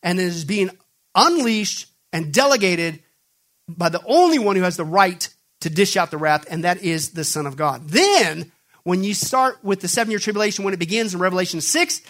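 A high-voiced male preacher gives a forceful, expressive sermon at a moderate pace, using an emphatic call-and-response style. He poses questions and answers them himself, alternating between loud, pressing emphasis and low, intense stretches.

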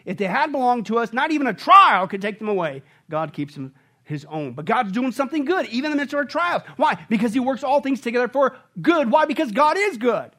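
A man's voice: very high voice, sing-song, brisk, pushed and bright. A man preaching as a pastor, emphatic, with rhetorical questions to the congregation and chuckles between points. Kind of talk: sermon.

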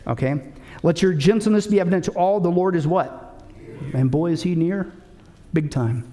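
A man's voice: high-pitched, warm tone. A man preaching a sermon in an emphatic way, asking his listeners one rhetorical question after another. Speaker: pastor.

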